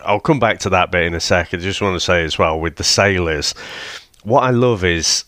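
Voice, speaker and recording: Low-voiced man, chuckling. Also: moderate pace, fairly bright tone, dry recording, studio quality. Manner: chuckling, loose with fillers. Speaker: podcast co-host. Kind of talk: casual film review chat.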